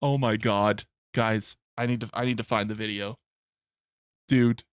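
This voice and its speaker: A man's voice: fairly low pitch, fairly even intonation, a little slow, dry recording, clean studio sound. Rambling, profane young man streaming. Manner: rambling, profane, laughs a lot. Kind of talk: casual live-stream chat.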